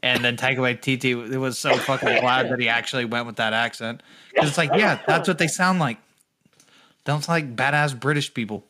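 A man's voice: medium pitch, a little fast, sharp tone. A young man co-hosting a podcast, rambling in profane casual chat and laughing often. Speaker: podcast co-host.

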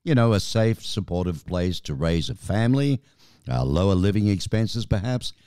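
A man's voice: on the low side, lively intonation, moderate pace, warm tone, clear, resonant tone, no room sound, clean studio sound. A man hosting a podcast interview, chatty and joking. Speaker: podcast host. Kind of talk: casual interview.

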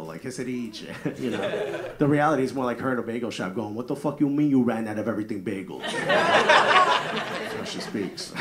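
A man in his thirties with a New Jersey accent, doing a brash, profane stand-up set and riffing with the crowd in a live comedy club. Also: lowish voice. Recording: live club audio with loud crowd laughter. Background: crowd laughing.

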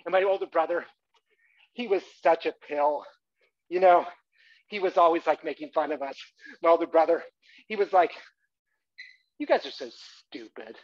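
A man's voice: a little high, normal speed, long pauses. A man performing a playful comic autobiographical monologue on a theatre stage, coaxing the audience to join in, in a dull lo-fi live recording. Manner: animated, playful, bursts into loud shouts.

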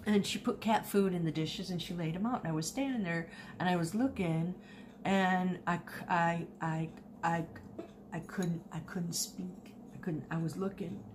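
A woman's voice: on the low side, normal speed, noisy background. A woman, chatting casually and animatedly about her thrift finds, often repeating herself as she tells a story. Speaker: online reseller showing thrift finds. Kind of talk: casual haul video chat.

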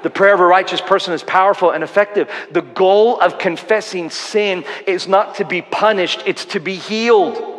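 A man's voice: high voice, normal speed, a bit bright, in a large hall. Earnest male pastor preaching. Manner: earnest, storytelling, self-deprecating humor. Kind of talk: sermon. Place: church auditorium.

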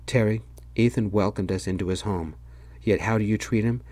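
A man voicing a firm, measured middle-aged father in a soft-spoken whispered role-play. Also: on the low side, no room sound, natural voice.

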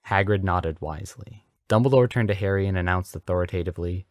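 A man's voice: sits low, fairly even intonation, a little fast, hardly any pauses, dry recording, clean studio sound. A man reading a story aloud as a comedic dramatic reading, in a mock-earnest way. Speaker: podcast host reading fanfiction aloud.

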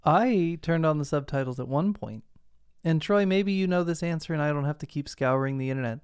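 A man co-hosting a casual film podcast, making wry, deadpan jokes. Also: a little high, fairly quick, clean tone, dry recording, studio quality. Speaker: podcast co-host and editor.

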